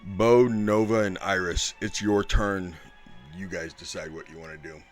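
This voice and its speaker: A man running a tabletop game as game master, briskly calling on each player in turn. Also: low-pitched, steady tone, soft background music.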